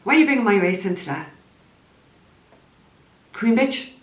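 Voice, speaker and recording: A woman's voice: medium pitch, animated, normal speed. An Irish woman, a psychic medium, ranting bluntly to camera, swearing heavily in a heated tone. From Ireland. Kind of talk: angry direct-to-camera rant. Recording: roomy echo.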